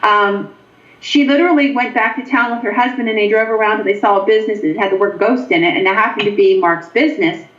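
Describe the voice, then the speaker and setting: A woman's voice: medium pitch, quick pace. A woman, a guest paranormal investigator, telling a long ghost anecdote with frequent ums. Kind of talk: storytelling in a show interview. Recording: echoey, dull lo-fi line.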